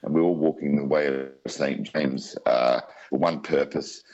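An Australian man with an extremely deep voice shares his story as an interview guest. He rambles warmly from aside to aside in a chatty, anecdotal way. The recording sounds dull and lo-fi. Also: fairly even intonation, unhurried.

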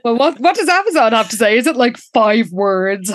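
A woman's voice: fairly high pitch, big pitch swings, moderate pace, no room sound. A woman co-hosting a podcast, reading episode blurbs aloud and commenting wryly in a casual chat. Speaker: podcast co-host.

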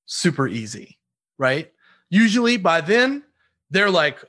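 Brief: lively, fairly high-voiced man trading sales war stories, dry close sound, mimics callers. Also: a little slow, dry recording. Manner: animated, laughs often, mimics callers. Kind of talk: energetic sales talk with acted-out call examples.

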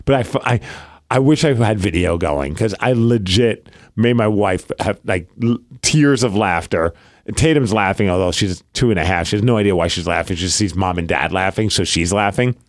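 A man co-hosting a podcast in casual chat, an animated storyteller who laughs often. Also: lowish voice, moderate pace, no echo, studio quality. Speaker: podcast co-host.

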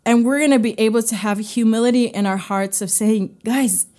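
A woman's voice: on the high side, steady tone, warm tone. A woman hosting a devotional podcast, giving an earnest, heartfelt teaching with fillers. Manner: unhurried, with fillers. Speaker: podcast host.

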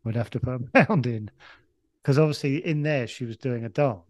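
A man's voice: medium pitch, normal speed, no room sound. Rambling man telling a gig story. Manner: rambling, stop-start storytelling with swearing. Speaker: comedian guest. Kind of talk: casual anecdote on a podcast.

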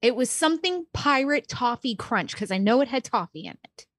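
A woman's voice: fairly high pitch, big pitch swings, moderate pace, fairly bright tone, dry recording. A woman co-hosting a casual podcast, telling a story in a chatty way with many fillers. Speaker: podcast co-host. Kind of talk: casual chat.

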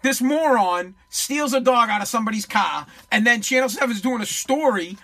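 A man's voice: extremely high pitch, expressive, moderate pace, pushed and bright. A man from Boston hosting his own podcast, ranting in a blunt, mocking and profane way. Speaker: podcast host. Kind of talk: ranting solo podcast commentary.

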